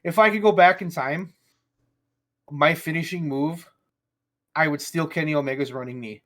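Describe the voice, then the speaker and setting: A man co-hosting a casual podcast chat, who swears freely and laughs through animated stories. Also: on the high side, normal speed. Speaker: podcast co-host.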